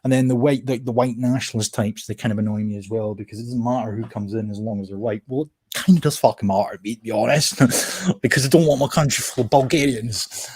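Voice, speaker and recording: A man's voice: mid-range voice, fast, a little mellow, slightly rough. A Scottish man ranting bluntly and swearing a lot, co-hosting a casual commentary stream. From Scotland. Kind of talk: casual political commentary chat.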